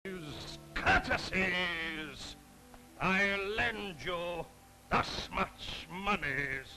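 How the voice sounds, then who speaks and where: A man playing an aggrieved old male moneylender, declaiming slowly in a grand stage manner with sudden shouts. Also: high voice, expressive, soft background music, heavily acted, rough recording. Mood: bitter, declaiming.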